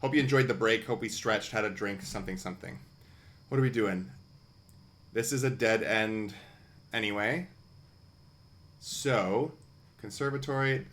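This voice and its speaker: A man streaming a video game live, chatting casually and thinking out loud with wry asides. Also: lowish voice, unhurried, long pauses.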